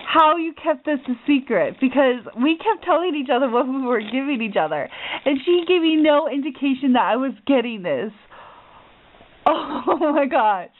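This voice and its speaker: A young woman with a high voice gushes and gasps through a package-opening vlog. Her talk bursts with excitement over each item. The sound is thin and tinny, like a phone line. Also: moderate pace, slight background noise. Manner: gushing, excitable, gasps often. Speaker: crafting vlogger.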